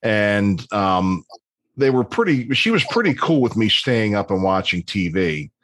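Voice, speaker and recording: A man's voice: on the low side, sing-song, a little slow, fairly bright tone. A man in his fifties telling long, rambling stories in casual chat, with plenty of ums and restarts. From Baltimore area, USA. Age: 50s.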